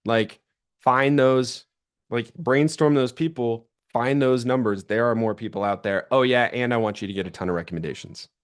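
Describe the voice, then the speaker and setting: A young man giving a sales training talk to an audience, telling stories and acting out the people he quotes. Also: mid-range voice. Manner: animated storytelling, acts out quoted voices.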